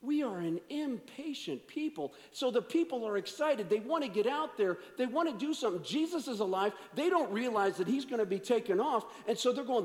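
A man preaching a sermon as a pastor, swinging from energetic to hushed delivery. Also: very high voice, brisk, hardly any pauses, big-room sound.

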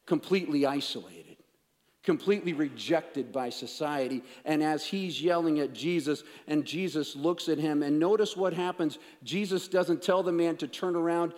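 A man preaching a sermon, emphatic, swinging between raised declarations and hushed, intense passages. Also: on the high side, moderate pace. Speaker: pastor. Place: church sanctuary. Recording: long reverb of a large hall.

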